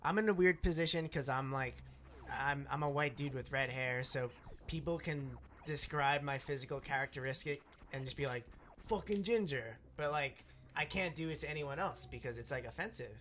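A man's voice: mid-range voice, fairly quick, fairly bright tone, a little hiss or hum. A man co-hosting a gaming stream, chatting in a laid-back, easygoing way with lots of filler words. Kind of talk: casual chat.

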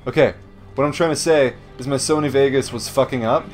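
A man giving casual, joking commentary while playing a shooter game, swearing often and yelling at enemies. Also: medium pitch, a little fast. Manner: jokey, swears a lot, shouts at enemies. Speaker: gamer doing a let's play. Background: faint game music and gunfire.

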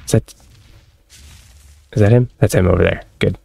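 A man giving excitable let's-play commentary, laughing often and chatting to his in-game pet as he plays at home on a close desk mic. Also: mid-range voice, normal speed, gravelly, long pauses. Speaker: gaming channel host.

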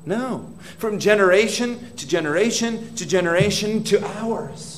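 A man's voice: high-pitched, lively intonation, measured pace, a little hiss or hum. Man preaching a dramatic sermon. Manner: dramatic, voices prayers aloud with rising intensity; asks the congregation questions directly. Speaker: pastor. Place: church hall.

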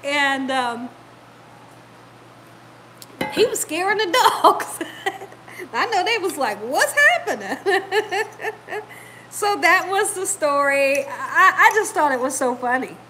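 A woman's voice: high voice, lively intonation, takes it slowly, pauses often, sharp tone, slight background noise, low-quality recording. A woman, hosting a home cooking video in her kitchen and chatting to viewers like a storyteller. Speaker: cooking channel host. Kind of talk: casual home cooking chat.

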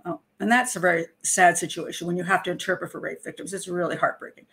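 A woman's voice: lowish voice, steady tone, fast, creaky, a bit bright. A woman who profiles criminals and hosts a show, telling a story in a casual, chatty way with frequent laughter. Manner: chatty, laughs often, acts out quotes.

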